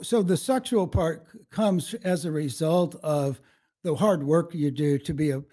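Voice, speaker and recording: A man in his seventies, a guest in a casual interview, rambles warmly through anecdotes, often restarting and chuckling. His voice is somewhat high yet soft and mellow, and he speaks a little slowly.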